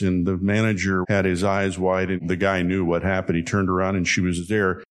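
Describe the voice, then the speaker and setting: Low-voiced man preaching with folksy warmth. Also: little pitch movement. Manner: folksy storytelling, repeats key lines slowly for emphasis. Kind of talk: sermon.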